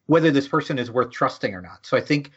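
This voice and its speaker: A man's voice: medium pitch, lively intonation, fast talker, breathy edge. A man co-hosting a casual movie podcast, thoughtful and chatty, with an easy laugh. His voice sits mid-range and comes through a dull, lo-fi mic. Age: older. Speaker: podcast co-host. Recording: dull lo-fi sound.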